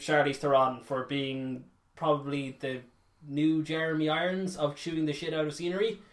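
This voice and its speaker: A man's voice: fairly high pitch, little pitch movement, normal speed. Wry male co-host in an echoey room. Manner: wry, laughs through his stories. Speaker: podcast co-host. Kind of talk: casual gaming podcast chat.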